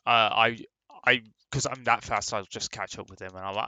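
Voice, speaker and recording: A man's voice: lowish voice, steady tone, moderate pace, hardly any pauses, bright, forceful tone, no echo. A man chatting as a player in a tabletop game, upbeat, describing what his character does. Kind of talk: casual tabletop game chat.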